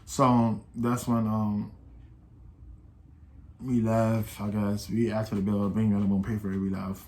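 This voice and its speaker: A man's voice: on the low side, level tone, measured pace, long pauses, darkish tone, slight background noise. An eighteen-year-old man telling a casual storytime, rambling and slangy, with many restarts and quoted voices. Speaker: vlogger.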